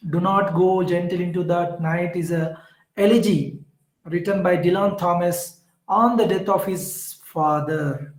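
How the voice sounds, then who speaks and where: High-voiced lecturer in an echoey room. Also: male voice, fairly even intonation, measured pace. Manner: explains step by step, repeats key terms, corrects himself. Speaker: English literature teacher. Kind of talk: online exam-prep lecture.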